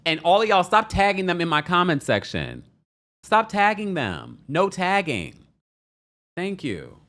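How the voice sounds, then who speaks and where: A man's voice: high-pitched, sing-song, normal speed, pushed and bright. A man hosting a live reality-TV recap in a casual, chatty way, often laughing and repeating himself. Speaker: recap show host.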